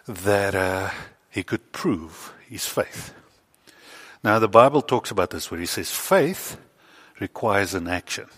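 A man preaching a lively story sermon in a church with a child volunteer, playful and animated, with sudden loud bursts. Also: lowish voice, breathy edge, in a large hall. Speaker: pastor.

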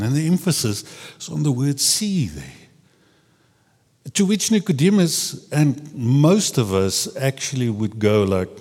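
Husky preacher, lively pitch. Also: male voice, a little slow. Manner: conversational, searching, repeats words as he restarts. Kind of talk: sermon. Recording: long reverb of a large hall.

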